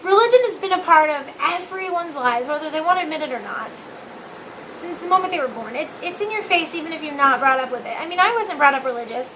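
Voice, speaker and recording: A woman's voice: sits high, expressive, quick pace, noisy background. A young woman vlogging from her living room on a phone, ranting candidly with swearing and self-mockery. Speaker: vlog host. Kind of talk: casual opinion rant to camera.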